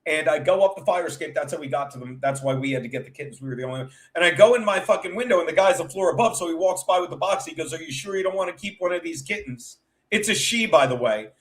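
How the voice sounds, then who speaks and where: High-voiced, chatty comedian man. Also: expressive, fast talker, few pauses. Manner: profane, chatty, digressive. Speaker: comedian and show host. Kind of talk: casual rambling storytelling chat.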